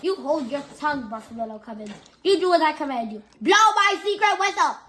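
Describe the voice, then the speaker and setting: A woman's voice: sits high, animated, a little fast, sharp tone. A woman voicing a grumpy, bossy old male king who growls and bellows at a boy in a read-aloud storybook. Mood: angry demanding.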